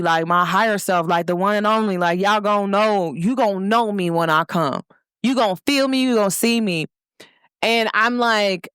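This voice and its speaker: A woman from Cincinnati hosting her own show, talking casually and warmly to viewers, repeating points and calling them "y'all". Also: medium pitch, clean tone, no room sound, clean studio sound. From Cincinnati, Ohio. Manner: lively, repetitive, speaks directly to listeners with "y'all". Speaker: host. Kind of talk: casual motivational talk to viewers.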